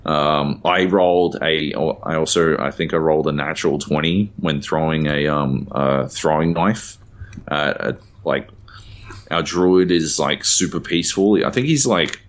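A man's voice: a bass voice, a little slow. A man co-hosting a podcast, chatting casually and rambling with lots of fillers and offhand swearing. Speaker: podcast co-host. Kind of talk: casual chat.

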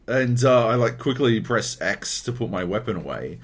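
Animated Australian man telling a gaming story. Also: medium pitch, normal speed. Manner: animated, swears a lot, acts out other people's lines. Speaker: podcast co-host. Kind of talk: casual storytelling chat.

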